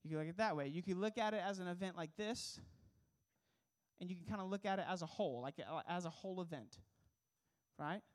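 A man's voice: sits high, a little fast. A young man preaching as a pastor, earnest and emphatic, asking the congregation rhetorical questions. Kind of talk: sermon.

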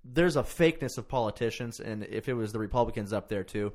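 A man's voice: on the low side, fast, darkish tone. A man co-hosting a casual podcast, rambling and swearing freely as he talks, with plenty of restarts and self-mockery. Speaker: podcast co-host. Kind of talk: casual profane political chat.

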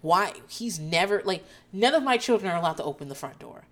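Thirtysomething mom doing a storytime vlog, swearing a lot, laughing, jumping up high when she gets worked up. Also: fairly quick. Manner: animated, swears freely, laughs through the story. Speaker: mother of four telling a story. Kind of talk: casual storytime chat.

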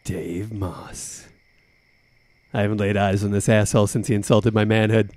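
A man voicing a gruff, hard-bitten cop on a stakeout, talking low and tersely. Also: little pitch movement, moderate pace, no room sound, lightly acted. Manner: terse, hushed growl.

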